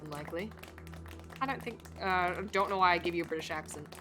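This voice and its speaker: A woman's voice: on the low side, quick pace, music in the background. A young woman streaming a story game, chatting casually and rambling as she reacts. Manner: chatty, rambling, easily moved. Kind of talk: casual live game commentary.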